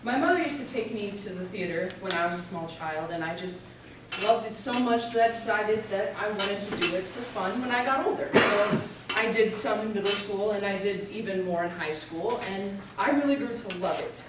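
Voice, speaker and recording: A young woman giving an informative speech as a student presenter, explaining steadily with the odd filler pause. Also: medium pitch, noisy background. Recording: echoey room, voice from a distance.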